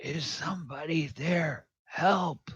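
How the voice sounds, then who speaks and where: A man's voice: slow, a bit bright, slightly rough, no room sound, dull audio, exaggerated voice. A man voicing a weak, sobbing trapped prisoner who pleads desperately in a raised voice. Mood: pleading. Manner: desperate, high-pitched pleading.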